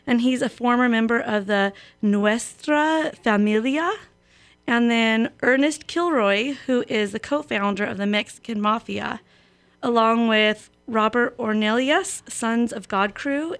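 A woman's voice: on the high side, a little slow. A woman radio host reading a poem aloud and then giving community announcements in a chatty, lightly joking way.

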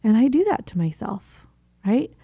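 A woman's voice: a little high, very animated, moderate pace, vocal fry, husky, no room sound, narrow, tinny audio. A woman hosting a casual self-help talk who coaches listeners, laughs at herself between remarks and admits to her own struggles. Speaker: host giving self-help advice.

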